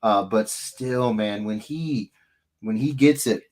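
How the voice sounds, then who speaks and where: A man hosting a casual live stream, telling stories in a rambling, animated way with many restarts. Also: fairly low pitch, takes it slowly. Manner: rambling, self-interrupting, animated storytelling. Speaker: livestream host. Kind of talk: casual chat.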